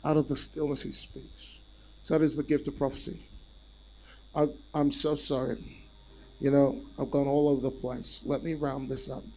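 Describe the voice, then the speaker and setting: A male preacher giving a sermon in an animated, repetitive way and calling out to the congregation. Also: mid-range voice, normal speed, rough recording.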